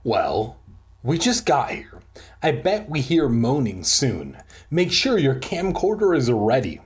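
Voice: medium pitch, big pitch swings, slow pace. A reader voicing a bossy, brave young girl while reading a book aloud, with a snappy, teasing manner. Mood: eager.

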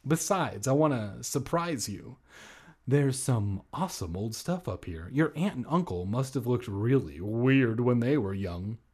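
A man voicing an anxious young girl in a husky, pleading falsetto during a comedic book reading. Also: lively intonation, measured pace, darkish tone, heavily acted. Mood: playful.

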